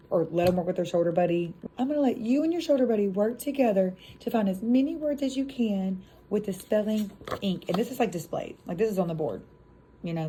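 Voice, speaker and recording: Animated phonics teacher woman, mellow voice. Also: lowish voice, a little hiss or hum. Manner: animated classroom teacher voice, drawn-out sounds; casual asides to other teachers. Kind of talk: phonics lesson demonstration.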